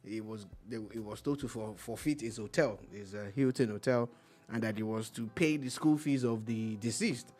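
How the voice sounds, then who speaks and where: A man's voice: fairly low pitch, normal speed, darkish tone, faint music behind. A Nigerian man co-hosting a radio talk show, speaking earnestly and hesitantly, with frequent restarts and stammers. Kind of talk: casual news discussion.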